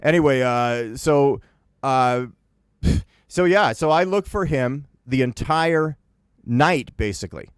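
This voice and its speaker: A man from Winnipeg telling a rambling story on a podcast, casual and animated, laughing as he acts out what his friends said. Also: medium pitch, slow pace, clear, resonant tone, no room sound, studio quality. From Winnipeg, Canada.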